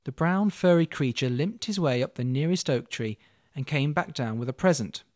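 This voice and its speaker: A man telling a fairy tale in an expressive, playful way, speaking straight to the listener. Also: on the high side, normal speed, no echo, clean studio sound. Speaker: storyteller. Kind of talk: dramatic storytelling.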